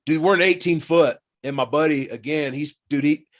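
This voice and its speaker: A man telling hunting and fishing stories as a podcast guest in casual, animated talk, swearing freely and acting out what people said. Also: a little high, moderate pace. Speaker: podcast guest, former pro football player. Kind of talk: casual storytelling.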